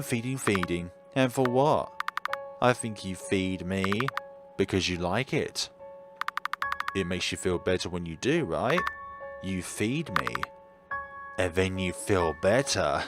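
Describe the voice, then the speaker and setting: A man voicing a sinister, hungry female monster in a horror game, speaking slowly and tauntingly. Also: low-pitched. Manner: slow, taunting and menacing. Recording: game music behind the voice.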